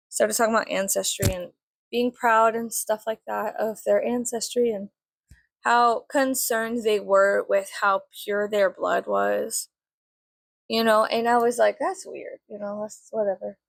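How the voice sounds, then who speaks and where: Chatty, cursing woman with a gravelly voice. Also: medium pitch, no room sound. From Mexican family. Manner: chatty, swears often, filler-heavy, rambling. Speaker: vlogger. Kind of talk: casual storytime while doing makeup.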